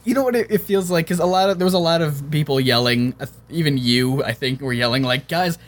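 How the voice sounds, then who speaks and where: A young man with a slightly high voice chats casually with a friend. He teases him and plays up his feelings for effect. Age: young adult. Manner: teasing, emotive, quick to exaggerate. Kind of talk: casual chat.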